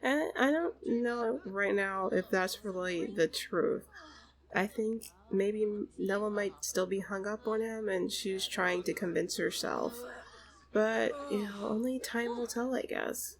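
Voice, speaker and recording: A woman's voice: medium pitch, slow, poor audio. A woman hosting a let's play, narrating a life sim game in a chatty, exasperated way.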